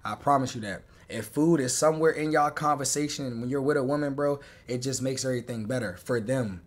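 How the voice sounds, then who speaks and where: Hyped-up man reacting live. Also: fairly quick. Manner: excitable, swings between loud hype and low asides. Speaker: streamer reacting to a video.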